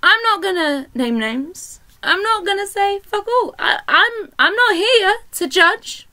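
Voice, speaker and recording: A young British woman, an indie author, chatting casually to camera in an animated, giggly and sweary way. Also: extremely high pitch, a little slow. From Britain.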